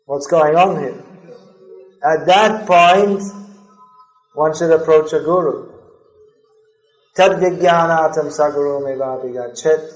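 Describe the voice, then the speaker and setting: A man giving a spiritual lecture on scripture, measured and drawn out, reciting Sanskrit verses. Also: high voice. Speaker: spiritual teacher. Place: lecture hall. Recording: echoey hall recording.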